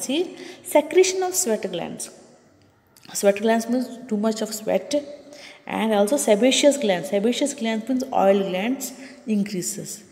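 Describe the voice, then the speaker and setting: A woman teacher explains a science lesson with a soft, mellow voice, pausing to check in with her students. Her voice carries a lingering reverb, as if recorded in a room with long echo. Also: mid-range voice. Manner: explaining slowly with frequent checks like "okay" and "understood".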